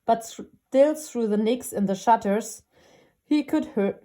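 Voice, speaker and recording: Slow, mellow woman reading a storybook. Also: mid-range voice. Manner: gentle, unhurried storytelling.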